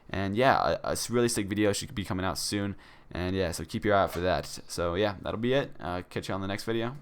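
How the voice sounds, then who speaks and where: A man's voice: sits low, a little hiss or hum. A young man telling a casual story to his channel, rambling with many fillers and restarts. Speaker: vlogger.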